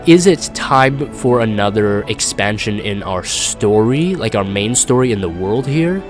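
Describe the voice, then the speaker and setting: A young man chatting casually as a gaming YouTuber, rambling and self-deprecating while reading live comments. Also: on the low side.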